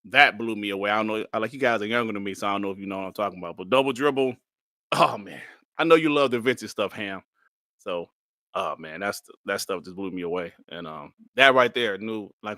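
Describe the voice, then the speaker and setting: A man in his forties, a podcast guest, telling his story in a relaxed, repetitive way. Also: fairly low pitch, a little fast, no room sound, clean studio sound. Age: 40s. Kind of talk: casual gaming podcast chat.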